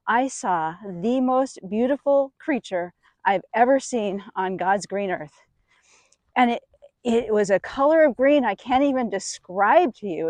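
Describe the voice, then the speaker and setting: A middle-aged woman telling a personal story in an animated, expressive way. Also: a little high, no room sound. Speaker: speaker. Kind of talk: storytelling talk.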